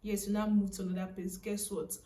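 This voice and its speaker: A young woman in her twenties with a Nigerian accent, telling a personal story casually to camera in a chatty, animated way. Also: mid-range voice, brisk, reverberant, recorded from a distance, slight background noise. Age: young adult. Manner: chatty, animated, laughing, frequent "so, like". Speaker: vlogger.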